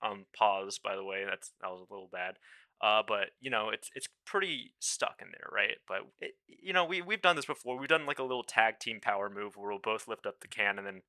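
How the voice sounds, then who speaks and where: A man's voice: fairly low pitch, brisk, pushed and bright, no echo. A young man telling a rambling, casual work story full of fillers and wry asides. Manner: rambling, filler-heavy, wry self-deprecating. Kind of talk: casual anecdote monologue.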